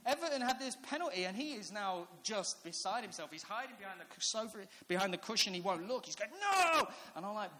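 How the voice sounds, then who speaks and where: A man's voice: high voice, animated, quick pace, few pauses, bright, forceful tone. A man, preaching a sermon in a chatty storytelling way that builds to earnest reflection. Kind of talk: sermon with personal stories. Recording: echoey hall with faint hiss.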